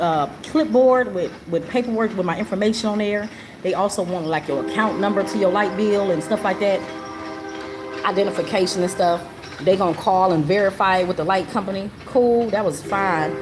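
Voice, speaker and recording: A woman telling a personal story in a casual way, earnest and repetitive, often checking in with the listener. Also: medium pitch. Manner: earnest and repetitive, often asks the listener "you know what I'm saying?". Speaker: live stream host. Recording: noticeable background noise.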